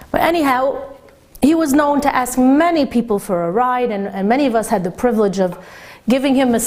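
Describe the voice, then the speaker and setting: Woman, animated storyteller, somewhat high-pitched, Torah talk. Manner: animated storyteller, acting out quoted voices with big pitch jumps. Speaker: rabbanit teaching Torah.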